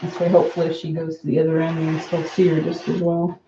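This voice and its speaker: A woman at home streams live with her pet parrot. She coaxes it over and over in a lilting, baby-talk voice and drops into relaxed, chatty asides for her viewers. The sound is echoey and a little dull, like a home room caught on a basic stream mic. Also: sits low, fast, slight background noise.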